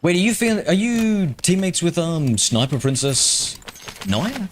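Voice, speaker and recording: A man's voice: sits high, sing-song, measured pace. A young Australian man streaming a shooter game, answering his chat with mocking sarcasm. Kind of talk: live gaming stream chat. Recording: game noise in the background. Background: game sounds and vehicles.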